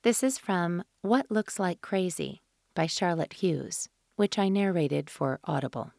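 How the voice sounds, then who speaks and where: A woman audiobook narrator reading scripted fiction in a measured, even delivery into a studio microphone. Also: fairly low pitch, vocal fry, no echo.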